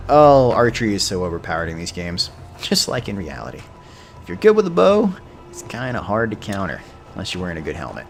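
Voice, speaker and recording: Deep-voiced man streaming a game. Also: wildly swooping pitch, moderate pace, vocal fry, long pauses. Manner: chatty, rambles into history asides. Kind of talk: casual gameplay commentary. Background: game music.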